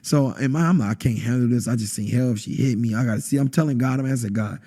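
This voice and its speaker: Husky man telling a dramatic testimony. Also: quick pace, warm tone. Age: adult, has a wife. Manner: intense, acts out quotes with sudden high bursts. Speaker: podcast guest. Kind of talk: emotional testimony in conversation.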